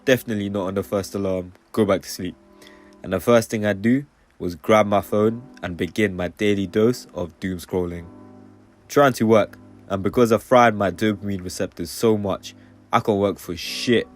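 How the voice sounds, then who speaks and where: A man's voice: on the low side, moderate pace, soft background music. A young man talking candidly to camera as a self-improvement vlogger, swearing and laughing at himself. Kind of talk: casual talk to camera.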